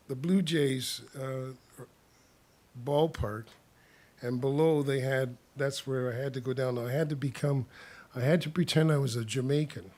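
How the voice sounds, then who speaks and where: A man casually telling stories about his past, rambling with restarts and chuckling often as he talks. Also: fairly high pitch. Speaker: storyteller. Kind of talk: casual spoken storytelling.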